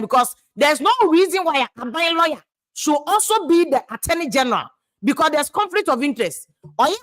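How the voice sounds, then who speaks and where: A woman's voice: high-pitched, fairly bright tone. A woman with a Ghanaian accent giving passionate political commentary, switching between English and Twi and repeating words for emphasis.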